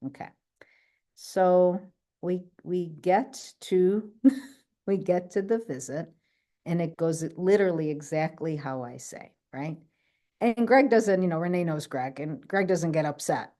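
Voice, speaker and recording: A woman telling a personal story on a video call, animated, often checking in with "right?" and acting out what others said. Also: on the low side, measured pace. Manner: acts out other people's quoted lines. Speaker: guest speaker. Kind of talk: personal story in an online talk.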